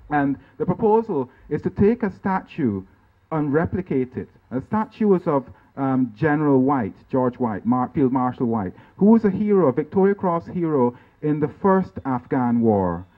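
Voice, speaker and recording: A man from Guyana giving an informal artist's talk over slides, halting with many restarts and tag questions like "right?" and "you know". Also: on the high side. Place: lecture venue. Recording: tinny, phone-like band-limited sound.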